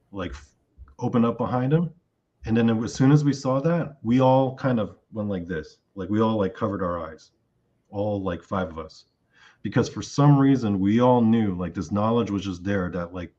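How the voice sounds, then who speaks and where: A low-leaning male voice on a muffled recording belongs to an interview guest. In casual talk he gives a long, animated account of a dream, acting out the things he said during it.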